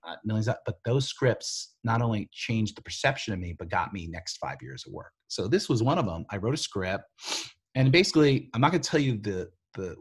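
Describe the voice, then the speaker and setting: Husky-voiced man telling rambling stories. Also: lowish voice. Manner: rambling, animated, heavy on "like" and "you know". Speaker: TV writer. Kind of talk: casual storytelling interview.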